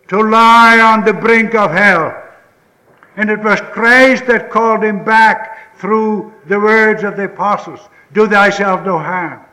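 A man preaching a sermon with emphatic repetition, moving between pleading outbursts and hushed, solemn passages. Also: high voice, echoey room, low-quality recording. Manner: emphatic, repetitive preaching with rising pleas and sudden hushed drops. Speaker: pastor.

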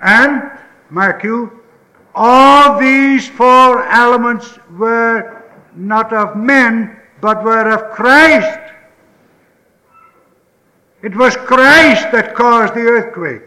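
A man preaching a sermon with emphatic repetition, moving between pleading outbursts and hushed, solemn passages. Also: very high-pitched, drawn-out words, long pauses, reverberant, low-quality recording. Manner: emphatic, repetitive preaching with rising pleas and sudden hushed drops. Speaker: pastor.

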